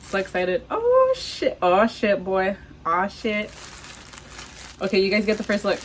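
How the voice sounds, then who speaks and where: A young woman from Texas vlogging an unboxing, hyper and excitable, swearing a lot and squealing. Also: mid-range voice, a little slow, slight background noise, low-quality recording. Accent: Texan. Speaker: vlogger unboxing masks and merch. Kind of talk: casual unboxing vlog.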